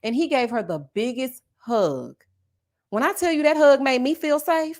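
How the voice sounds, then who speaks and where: A woman hosting a live reality-show review, her voice sitting a touch high and swooping all over as she talks. She is sassy and expressive, and she talks right to her viewers. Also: brisk.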